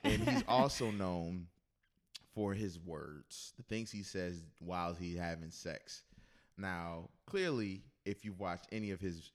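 A man's voice: sits low, slow. A man hosting a casual podcast chat, joking around, laughing and reading out quotes. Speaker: podcast host.

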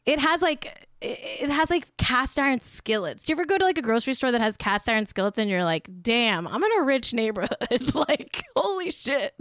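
A woman's voice: sits high, expressive, brisk, few pauses, a bit bright, no room sound, studio quality. A young woman hosting a podcast, chatting casually in a giggly, rambling, playful way. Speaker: podcast host. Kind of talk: casual chat.

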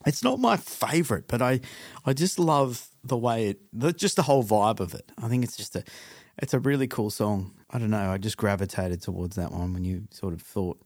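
A man with a low, deep voice, chatting as a podcast guest. He talks in a relaxed, thoughtful way. The sound is dry and close. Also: moderate pace, dry recording. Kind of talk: casual chat.

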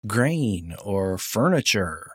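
A man's voice: fairly low pitch, very animated, drawn-out words, slightly rough, no echo, clean studio sound. A man co-hosting a podcast, chatting casually and joking about a film. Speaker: podcast co-host.

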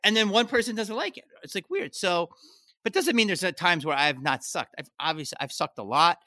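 Bright-voiced animated man telling stories. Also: brisk, dry recording, clean studio sound. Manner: animated storytelling, swearing, sudden high-pitched outbursts. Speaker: comedian guest. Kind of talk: casual podcast chat.

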